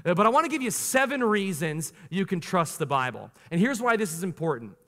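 A man in his thirties preaching a sermon as pastor, animated, slowing down for emphatic lines and rushing through quick asides. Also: high voice. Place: church sanctuary. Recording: long reverb of a large church hall.

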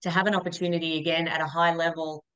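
Relaxed Australian woman, smooth low voice. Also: quick pace, rough recording. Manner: relaxed, modest, laughs easily. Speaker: golf coach and former pro, guest. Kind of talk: casual interview chat.

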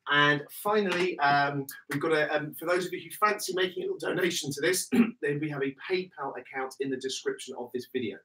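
A man's voice: on the high side, a little fast, sharp tone, distant mic, low-quality recording. A British man teaching body percussion in an online workshop, counting in and chanting rhythms with upbeat energy.

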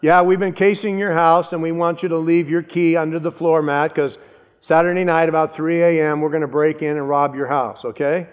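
A man's voice: a little high, level tone, a little fast, clean tone, long reverb tail, lightly acted. A man voicing a polite male burglar who calls ahead in a chatty, matter-of-fact way, as part of a sermon. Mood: breezy.

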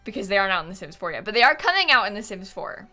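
A woman's voice: mid-range voice, very animated, racing, pushed and bright, faint music behind. A woman hosting a casual live game stream from home, chatty and rambling with many fillers, thanking her viewers as she goes. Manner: reads out and thanks chat viewers.

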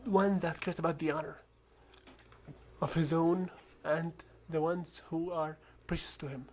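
Brief: slow, even-pitched let's-play host with a non-native accent, calm, coaching, often hushed. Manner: calm, coaching the game character, often dropping to a hushed whisper. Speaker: gamer. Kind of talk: gameplay commentary.

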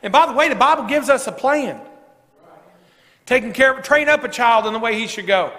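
A man's voice: very high-pitched, expressive, fairly quick, pushed and bright. A man preaching a sermon as a pastor, folksy and rising to emphatic preaching. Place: church sanctuary. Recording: long church reverb.

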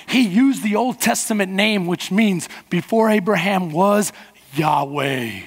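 A man preaching a sermon as pastor, fervent, rushing through some lines and slowing hard on others. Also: high voice. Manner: fervent preaching, swinging from quick bursts to slow emphasis. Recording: long hall reverb.

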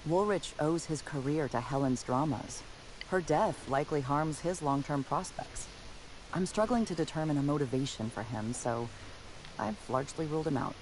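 An actor voicing a formal, dry-witted detective robot in a video game, speaking with precise deadpan delivery. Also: male voice, fairly high pitch, normal speed, slight background noise, close to an everyday voice, low-quality recording.

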